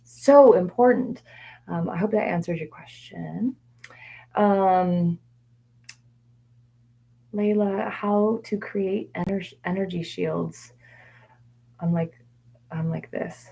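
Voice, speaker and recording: A woman coaching viewers in a live question-and-answer session, candid and meandering, with fillers and self-corrections, sometimes dropping to soft whispered repetitions. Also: fairly low pitch, takes it slowly, gravelly, long pauses, husky. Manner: soft-spoken, drops to quiet whispered repetitions. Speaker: mindset coach.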